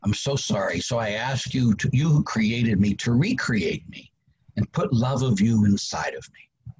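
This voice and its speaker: Priest guy in his 60s, animated storyteller, bit dull lo-fi sound w/ faint hiss. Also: unhurried. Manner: animated preacher, acts out quotes with big pitch jumps. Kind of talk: storytelling in a podcast interview.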